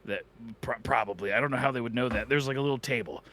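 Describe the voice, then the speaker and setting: A man's voice: medium pitch, quick pace, pushed and bright. A man co-hosting a podcast, telling a silly story that rambles and keeps slipping into character voices. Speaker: podcast co-host. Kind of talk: comedic storytelling. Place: away from the studio.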